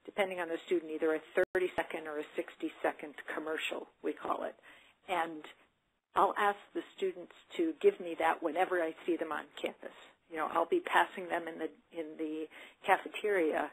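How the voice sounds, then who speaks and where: A woman's voice: fairly low pitch, husky, rough recording. A middle-aged woman, an autism support specialist, answering questions in a webinar and acting out sample dialogues with students. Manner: earnest, explanatory, acts out student and coach dialogue.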